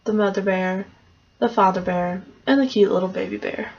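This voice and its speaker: A woman's voice: medium pitch, steady tone, moderate pace, vocal fry, darkish tone. A woman casually retelling a fairy tale in a loose, conversational way, on a dull lo-fi recording. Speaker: storyteller.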